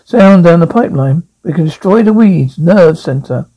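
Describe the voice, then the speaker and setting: A man's voice: a little high, animated, normal speed, mellow, rough recording. A man voicing an eager, resourceful male traveller, reading a script and stumbling over words. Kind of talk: script read aloud.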